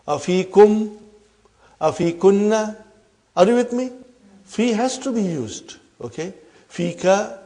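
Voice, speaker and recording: Gravelly, slow-talking Arabic teacher. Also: male voice, sits high, dark tone. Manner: frequent questioning "huh?" tag, repeats "brothers and sisters". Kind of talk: classroom lesson.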